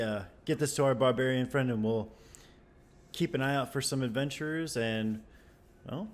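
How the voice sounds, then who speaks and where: A man playing a tabletop game over a voice call, chatting lively with the game master in and out of character. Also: medium pitch. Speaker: player.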